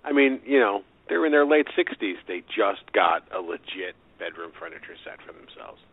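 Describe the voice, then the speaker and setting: A man's voice: lowish voice, animated, moderate pace, breathy edge. A man co-hosting a sports podcast, chatting casually with dry jokes. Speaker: podcast co-host. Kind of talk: casual chat. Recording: tinny phone-like podcast audio.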